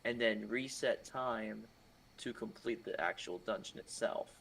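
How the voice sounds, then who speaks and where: A man's voice: lowish voice, unhurried, gravelly, fairly bright tone, a little hiss or hum, rough recording. A man chatting loosely on a livestream, reading out viewer comments with many fillers. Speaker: co-host reading chat. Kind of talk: casual livestream chat.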